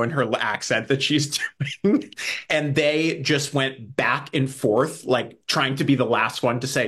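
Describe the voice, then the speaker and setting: A man's voice: medium pitch, unhurried, fairly bright tone. A man who acts on a comedy series, chatting in an interview in an upbeat way and laughing often. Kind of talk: casual interview chat.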